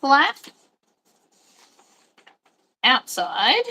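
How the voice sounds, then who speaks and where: Chatty woman sewing n rambling on, kinda high, really bright voice. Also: big pitch swings, drawn-out words, gravelly. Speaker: sewing host. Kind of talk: casual chat while sewing.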